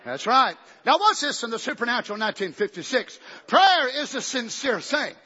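A preacher delivers a fiery revival sermon in a strikingly high, bright, forceful voice. He swings from ringing shouts down to low, conversational asides. The recording is dull and lo-fi. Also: sing-song, normal speed, breathy edge, long reverb tail, a faint crowd. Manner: bursts into shouts, then drops low and conversational.

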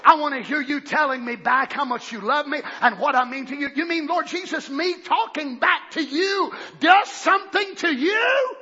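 A male preacher delivers a fervent sermon, often shouting and breaking into cries of praise. His voice is very high and bright. The sermon recording sounds dull and lo-fi. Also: lively intonation, normal speed, hardly any pauses.

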